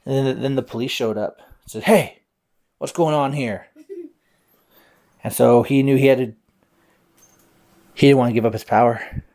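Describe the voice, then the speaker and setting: A man's voice: mid-range voice, a little mellow. A man improvising a bedtime story aloud, playful, with silly sound effects.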